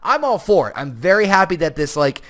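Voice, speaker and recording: A young man giving a casual solo review of a wrestling show, animated and full of restarts and asides. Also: high voice, a little fast.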